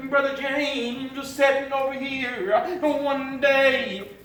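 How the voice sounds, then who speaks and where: A man's voice: very high-pitched, level tone, slow, fairly bright tone, a little hiss or hum. A man preaching a sermon in a church, fervent and full of "uh" fillers, at times sliding into a half-sung chant. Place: church sanctuary. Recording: very echoey church, mic far off.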